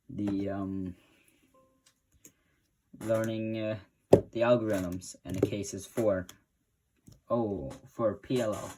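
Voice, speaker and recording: A man's voice: fairly low pitch, a little mellow, slight background noise. A man hosting a casual spoken tutorial, talking in a stop-start way and correcting himself as he goes. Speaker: tutorial host.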